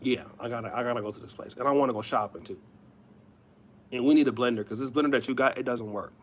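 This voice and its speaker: A man's voice: medium pitch, fast talker, a little hiss or hum, natural voice. A man mimicking a demanding young woman nagging her boyfriend, sweet and rude at the same time.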